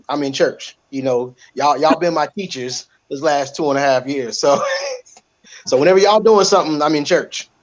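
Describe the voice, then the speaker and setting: A man's voice: a little high, highs cut off. A man who is a panel guest in a casual chat, telling stories in an easygoing way.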